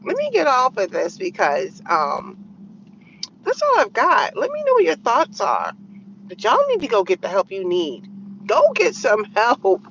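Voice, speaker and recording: A woman's voice: highs cut off, slight background noise. A woman vlogging her opinions, telling a story in a blunt, exasperated way and acting out her own retorts. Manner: animated storytelling, quoting her own retorts with sharp pitch jumps. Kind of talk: opinionated commentary vlog.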